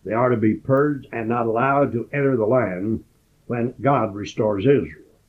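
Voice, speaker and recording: A man giving a Bible study, who reads scripture slowly and with emphasis and then explains it. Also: mid-range voice. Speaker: Bible teacher. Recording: tinny phone-like lo-fi audio.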